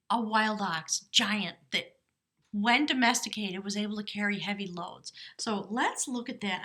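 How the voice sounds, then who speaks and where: A middle-aged woman does a casual, chatty tarot reading full of enthusiasm, sometimes reading aloud from a book. Her medium-pitched voice is bright and forceful.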